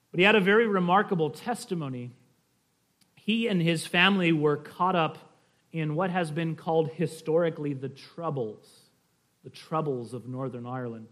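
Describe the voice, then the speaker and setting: A man's voice: on the high side, fairly bright tone. A man preaching a sermon, speaking earnestly and directly to his listeners as he tells a conversion story. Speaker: pastor.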